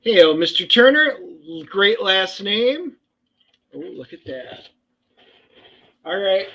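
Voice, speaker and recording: A man co-hosting a casual livestream, talking excitably in rambling, sarcastic banter. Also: high voice, slow pace, vocal fry. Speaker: co-host and writer. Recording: dull lo-fi sound.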